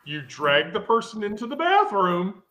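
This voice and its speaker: A woman's voice: medium pitch, very animated, moderate pace, fairly bright tone. A woman hosting a live social stream, telling a rambling, profane story full of asides.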